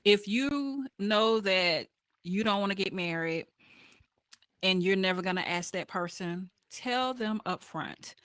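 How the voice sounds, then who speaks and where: A woman talking in a casual group discussion, animated and acting out quoted voices. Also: medium pitch, slow, smooth, no echo, studio quality. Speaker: panelist.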